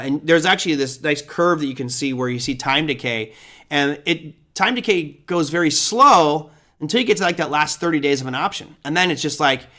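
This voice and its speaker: Bright-voiced man answering viewer questions. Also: a little high. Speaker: trading show host. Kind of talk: casual live Q&A.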